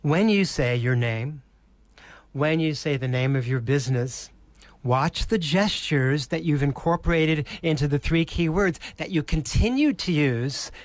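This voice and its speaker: A man with an Australian accent, a presentation coach on a podcast, speaking slowly with theatrical emphasis. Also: a little high, animated, no room sound. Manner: slow, theatrical, emphatic delivery. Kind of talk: podcast interview.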